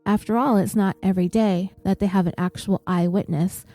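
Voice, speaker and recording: Mellow-voiced woman narrating true crime. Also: mid-range voice, steady tone, brisk, no echo, faint music behind. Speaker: podcast host.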